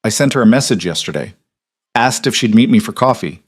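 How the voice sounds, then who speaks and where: A man voicing a guarded, vulnerable brooding man who talks quietly with calm control. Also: fairly low pitch, a little fast, breathy edge. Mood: subdued.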